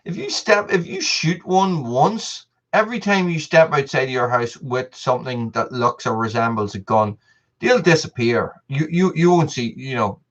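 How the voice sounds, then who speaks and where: A man's voice: medium pitch, moderate pace, muffled recording. A man hosting a casual live stream, chatting with viewers in a rambling way, full of restarts and repeated words.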